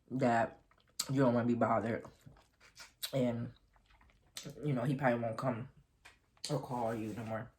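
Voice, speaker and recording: Very deep-voiced woman telling a story. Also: a little mellow, a little hiss or hum. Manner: rambling, chatty storytelling with self-corrections. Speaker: vlogger. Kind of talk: casual storytime while eating.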